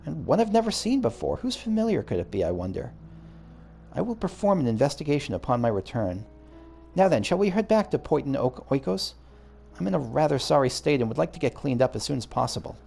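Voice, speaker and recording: A man's voice: fairly high pitch, big pitch swings, a little fast, creaky, darkish tone, soft background music. A man voicing a polite, fussy ancient scholar in game dialogue, formal and genteel. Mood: gracious. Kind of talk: reading game dialogue aloud.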